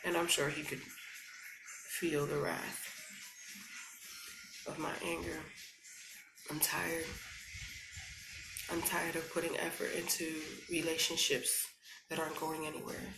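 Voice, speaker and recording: Gravelly, bright woman vlogging in an echoey room. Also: low voice, little pitch movement, unhurried, pauses often, music in the background. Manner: earnest, encouraging, faith-driven; chatty with many you-knows and y'alls. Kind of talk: casual motivational talk to camera.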